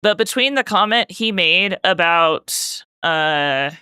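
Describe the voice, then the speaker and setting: A woman's voice: fairly low pitch, expressive, slow pace, pushed and bright, smooth, dry recording, clean studio sound. A woman streamer chatting casually with her viewers while painting, telling a long rambling story full of "like" fillers. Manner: talks directly to chat while painting.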